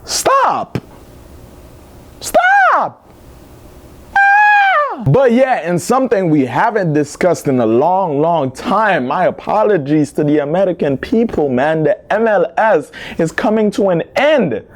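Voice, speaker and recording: A man with a somewhat high-pitched voice hosts a football news roundup. He talks in an animated, slangy way, speaking straight to his viewers as if they were friends. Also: moderate pace, few pauses. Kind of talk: casual football news commentary.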